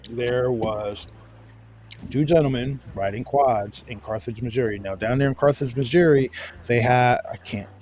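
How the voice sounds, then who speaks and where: A man's voice: medium pitch, unhurried, a little mellow. A man with a New York accent hosting a casual chat, telling a long story with restarts and cursing. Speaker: host.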